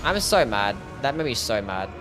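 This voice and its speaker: A man's voice: medium pitch, big pitch swings, moderate pace, music in the background. A man streaming live gameplay, ranting and swearing as he plays. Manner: frustrated, ranting, swears often.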